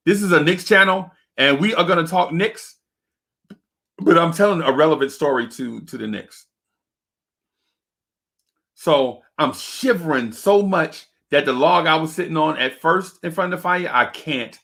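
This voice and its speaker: A young man hosting a fan livestream show and telling a long, animated story, jumping into high voices to act out the other people in it. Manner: acts out other people's voices in his stories, high-pitched and excitable. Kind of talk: animated storytelling and casual chat.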